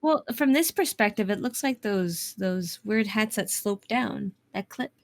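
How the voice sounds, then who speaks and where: A woman's voice: medium pitch, lively intonation, unhurried, no room sound. Woman, easygoing, short replies, casual chat, dry close sound.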